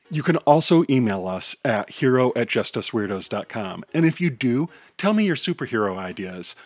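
A man tells a children's superhero story with animated, theatrical energy, his pitch in an ordinary middle range. The recording is dry and close, with no room sound around him. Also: no echo. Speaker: storyteller and podcast host. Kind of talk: children's audio story narration.

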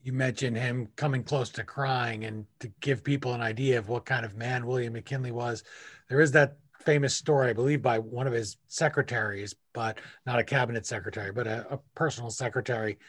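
A man hosts a history conversation at a middle pitch, drifting through anecdotes and restarting his sentences as he goes. The sound is dry and close, with no room behind him. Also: fairly even intonation, a little fast, no room sound. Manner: rambling, retells anecdotes with restarts. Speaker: interviewer.

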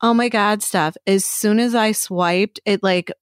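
A woman talks through a story on a podcast, lively and loose, with casual swearing. Her voice sits at an everyday middle pitch and sounds close to the mic, with no room around it. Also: unhurried, clean tone, no room sound. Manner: animated storytelling, swears freely. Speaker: podcast co-host. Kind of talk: casual chat. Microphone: studio microphone.

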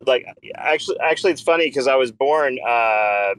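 A man's voice: medium pitch, moderate pace, fairly bright tone. A man co-hosting a casual chat from his living room, rambling with lots of fillers. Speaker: co-host. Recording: noisy background.

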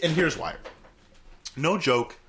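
A man's voice: on the high side, expressive, takes it slowly, fairly bright tone, slight background noise. A man co-hosting a podcast, rambling and laughing easily in casual banter. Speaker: podcast co-host.

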